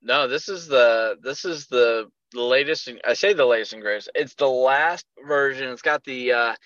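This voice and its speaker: A man co-hosts a podcast, telling a story animatedly and acting out the quotes in a bright, forceful voice. The sound is dry and somewhat dull, like a lo-fi recording. His pitch sits in an ordinary middle range. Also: normal speed, dry recording. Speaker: podcast co-host. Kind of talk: casual chat.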